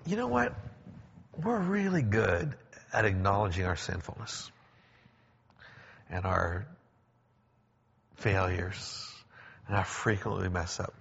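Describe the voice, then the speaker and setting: A man preaching a sermon in a conversational way, explaining with pauses and restarts, in a church. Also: low-pitched, lively intonation, vocal fry, fairly bright tone, husky. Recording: echoey hall, dull lo-fi sound.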